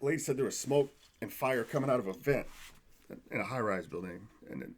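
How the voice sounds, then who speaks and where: A man who works as a firefighter, chatting casually on a podcast, swearing a lot and telling animated stories with acted-out quotes. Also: mid-range voice, a little fast, slight background noise.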